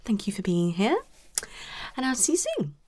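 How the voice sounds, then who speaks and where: A woman voicing a blunt, flirty, unprofessional psychologist in a soft whispered role-play. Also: mid-range voice, very animated, moderate pace, husky. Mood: whispery. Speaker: ASMR creator.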